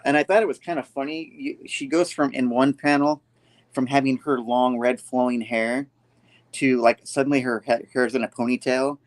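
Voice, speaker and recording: A man hosting a casual comic book review, retelling the story with animated storytelling. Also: medium pitch, moderate pace. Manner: animated storytelling, acts out the panels. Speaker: podcast host.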